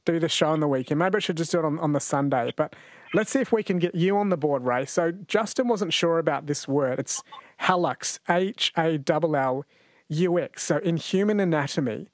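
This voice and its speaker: A slightly high male voice moves fairly quickly through casual radio chat and quiz questions, captured in a dry recording. The speaker, an Australian radio host, jokes around and laughs often at the studio mic.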